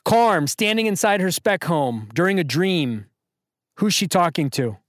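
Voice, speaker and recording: A man's voice: high voice, animated, measured pace, no room sound, clean studio sound. A man hosting a podcast trivia quiz, reading questions to callers and hyping them up with playful banter. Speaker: podcast host and quizmaster.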